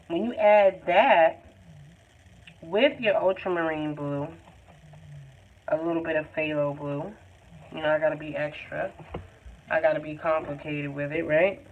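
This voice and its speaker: A woman's voice: low voice, fairly even intonation, unhurried, long pauses. Chatty woman teaching painting over a tinny line. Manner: chatty, encouraging, loose and informal. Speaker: art tutor. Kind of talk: live painting tutorial. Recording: tinny phone-like sound, faint noise.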